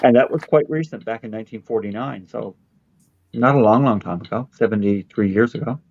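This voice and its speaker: A man's voice: fairly low pitch, a little fast, no room sound. A man from Newfoundland with a Newfoundland accent, chatting casually and joking on a livestream. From Newfoundland, Canada. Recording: dull lo-fi audio.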